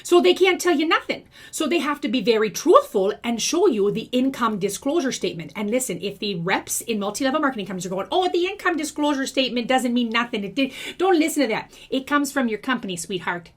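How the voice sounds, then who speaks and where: A woman's voice: on the high side, animated, quick pace, few pauses. A woman playing a bossy older ex-schoolteacher. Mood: lecturing. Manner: scolding, chatty, talks straight to viewers. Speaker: video creator. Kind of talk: comedic character monologue.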